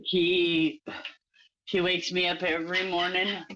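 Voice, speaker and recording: A guest on a live stream chatting casually, talking haltingly and laughing between words. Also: medium pitch, level tone, sharp tone, dull audio. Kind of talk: casual chat.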